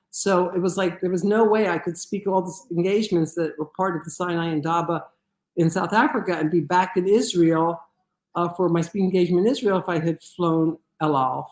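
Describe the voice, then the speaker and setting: A woman giving a lecture, telling a personal story in an animated way with many restarts. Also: fairly low pitch, roomy sound.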